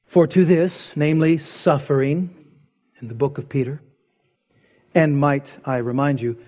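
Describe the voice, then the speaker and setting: A man preaching a sermon as pastor, retelling stories dramatically and dropping to hushed intensity. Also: on the high side, steady tone, a little slow.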